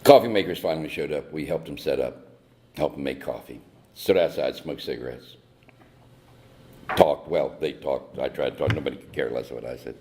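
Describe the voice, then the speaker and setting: A man's voice: very deep voice, normal speed, warm tone. A man from North Carolina sharing a humorous personal story at a recovery meeting with wry, mock-indignant timing. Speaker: speaker at AA meeting.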